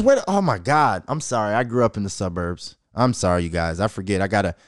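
A man hosting a podcast, ranting profanely in animated commentary and slipping into mocking voices. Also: medium pitch, fast talker, hardly any pauses, clean tone, no room sound, studio quality. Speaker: podcast host.

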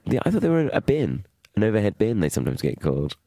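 A middle-aged man in casual comedic chat. His voice sits low but swings widely in pitch, and he teases wryly with drawn-out emphasis. The sound is dry and close to the mic. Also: wildly swooping pitch, dark tone, no echo. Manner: teasing, wry, drawn-out emphasis. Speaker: comedy podcast co-host.

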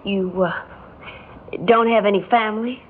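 A quiet, weary young mother speaks softly and hesitantly, played by a woman. Her voice is mid-pitched for a woman. It comes through a tinny old radio broadcast with a faint hiss behind it. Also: fairly even intonation, moderate pace, natural voice. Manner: soft-spoken, hesitant. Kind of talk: 1950s radio drama acting.

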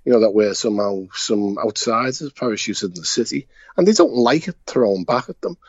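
A man's voice: on the low side, animated, fairly quick, no room sound, muffled recording. A man with a Liverpool Scouse accent telling anecdotes in casual chat, blunt and chuckling as he talks. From Liverpool, England. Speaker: podcast co-host.

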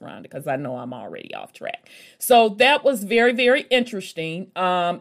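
A woman telling a travel story to her viewers in a casual, folksy way, rambling with asides and calling the listener baby and honey. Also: on the low side. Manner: rambling, with many fillers and asides.

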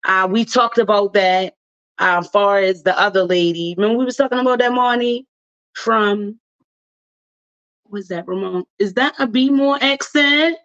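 Speaking at a normal speed, this radio host from Baltimore, Maryland, has a medium-pitched, slightly bright voice captured in lo-fi audio. Her casual commentary is chatty and slangy, broken up by frequent laughter, all in a Baltimore accent.

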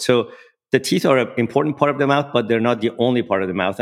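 Low-voiced male expert, patient explanations, stops and restarts. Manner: explanatory, many fillers and restarts. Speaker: guest dentist. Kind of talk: podcast interview.

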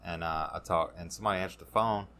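A man, a podcast guest telling his recovery story in a halting, casual way, full of fillers and restarts. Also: sits low, bright, forceful tone, a little hiss or hum.

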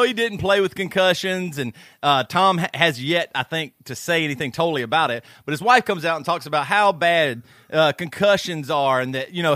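Podcast co-host, male, high bright voice, animated ranting storyteller, dry mic. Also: dry recording. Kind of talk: casual chat. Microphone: studio microphone.

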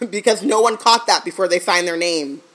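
Woman, slightly low voice, podcast co-host, casual book-club chat, playful, laughs often, quick jokes. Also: fairly bright tone, poor audio.

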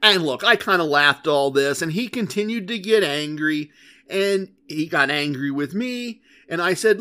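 A man's voice: sits high, normal speed, pushed and bright. A man hosting a podcast, telling a story in a chatty, wry way and laughing at himself. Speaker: podcast host.

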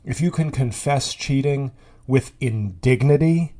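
Male podcast host, middle pitch, loose rambling comic monologue with tangents and restarts. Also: a little slow, mellow. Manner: rambling, tangent-prone, with frequent fillers and restarts. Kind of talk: comedic monologue.

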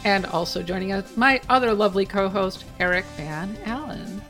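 A woman hosting a casual podcast, introducing her co-hosts and running through show notes and shout-outs in an upbeat way. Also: medium pitch, normal speed, soft background music. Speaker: podcast host.

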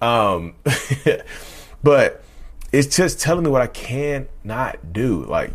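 A man in his thirties with a lowish baritone voice, hosting his own podcast. He talks in a loose, casual monologue, circling back and restarting sentences. He keeps calling his listeners y'all. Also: expressive, slow pace. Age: 30s. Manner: rambling, repeats himself, addresses listeners as y'all. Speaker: podcast host.

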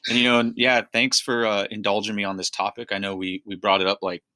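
Bright-voiced American man telling a story. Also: fairly low pitch, flat delivery, quick pace, dry recording. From United States. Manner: rambling, many fillers and restarts. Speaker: podcast co-host. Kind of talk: casual storytelling chat.

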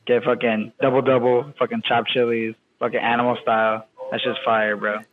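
A man's voice: medium pitch, little pitch movement, moderate pace. A young man chatting casually on a podcast, slangy and swearing a lot. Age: young adult. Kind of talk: casual chat. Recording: tinny phone-like line.

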